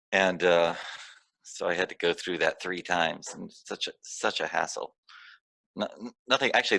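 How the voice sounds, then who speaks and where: Deep, gravelly man speaking emphatically. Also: bright, forceful tone, no echo. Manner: candid and emphatic, explains at length. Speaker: founder and CEO being interviewed. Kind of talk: casual interview chat.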